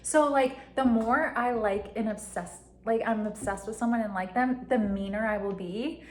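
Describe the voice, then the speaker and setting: A woman's voice: on the high side, moderate pace, darkish tone. Rambling young woman, echoey room. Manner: rambling, heavy use of "like", frequent giggles. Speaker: vlogger. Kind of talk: casual confessional monologue. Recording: echoey room with faint ambient noise.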